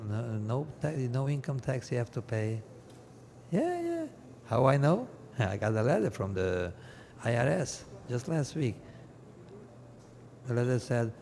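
Older man, animated joke teller, live crowd laughing behind. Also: mid-range voice. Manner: animated storyteller, acts out voices and sound effects. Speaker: comedian at a wedding. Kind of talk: stand-up jokes for a live audience. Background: audience laughing.

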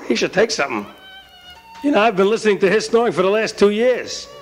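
A man voicing a chatty, excitable tailor talking to himself at night. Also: high-pitched, quick pace, faint music behind, voice pushed up.

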